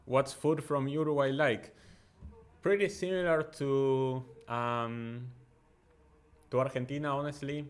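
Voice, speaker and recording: A man hosting a football watchalong, giving excitable, chatty live commentary with frequent ums and uhs. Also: mid-range voice, clean tone. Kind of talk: casual live match commentary and chat.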